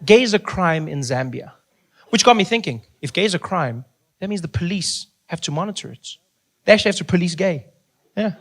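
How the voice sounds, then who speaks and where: South African man, stand-up comic, slightly high voice, animated storytelling on a live theater stage. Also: a little fast. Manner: animated storytelling, acts out characters. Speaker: stand-up comedian. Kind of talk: stand-up comedy routine.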